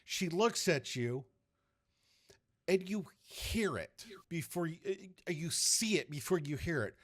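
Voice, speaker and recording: A man narrating a tabletop game as game master, telling the scene in an animated way with loose restarts. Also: fairly high pitch, slow.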